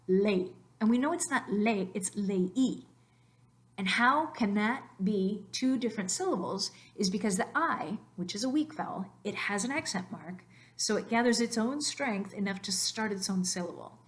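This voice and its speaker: A woman narrating a slide lesson on Spanish phonetics, explaining patiently and slowing down to stress key words. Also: medium pitch. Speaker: Spanish teacher.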